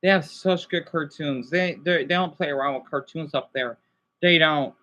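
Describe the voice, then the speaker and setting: Rambling excitable young man chatting. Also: a little high, normal speed, muffled recording. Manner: rambling, excitable, many restarts and exclamations. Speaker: YouTuber. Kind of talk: casual livestream chat answering viewers.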